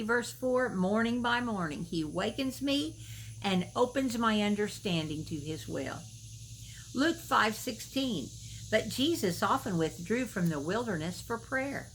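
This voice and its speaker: A woman's voice: on the high side, very animated, measured pace, a little hiss or hum, low-quality recording. A middle-aged woman giving a devotional talk to camera in a folksy, storytelling way, with emphatic questions to the viewer. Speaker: Christian video minister.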